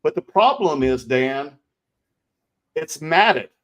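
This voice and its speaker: A middle-aged man with a Southern US accent, co-hosting a casual card collecting livestream, greeting viewers with loud sing-song shout-outs. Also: fairly high pitch, lively intonation, slow pace, lo-fi sound. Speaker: co-host of a card collecting show.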